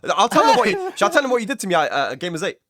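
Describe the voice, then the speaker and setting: Fast, lively podcast host man. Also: high-pitched. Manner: teasing, laughs a lot, repeats words. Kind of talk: casual online podcast chat.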